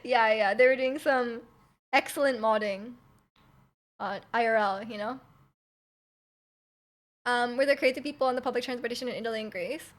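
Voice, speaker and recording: A woman's voice: a little high, moderate pace, pauses often. A young woman from Canada chatting casually on her stream, rambling with lots of "like" and "um" and the odd giggle. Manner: rambling, many likes and ums, giggly. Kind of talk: casual chat.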